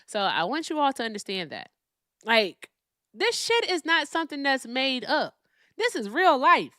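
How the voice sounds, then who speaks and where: Woman streamer, profane emphatic rant, lively pitch, dry close sound. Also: moderate pace, dry recording. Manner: profane, emphatic, repeats "all right?" tags. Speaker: host. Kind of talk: live-stream political rant.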